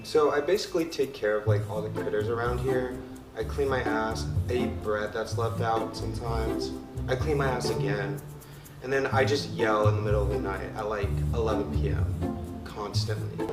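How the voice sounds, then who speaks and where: A man's voice: fairly low pitch, moderate pace, lightly acted. A man voicing a smug male house critter who thinks he is the star of the house, whiny and swearing. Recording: echoey room with loud music.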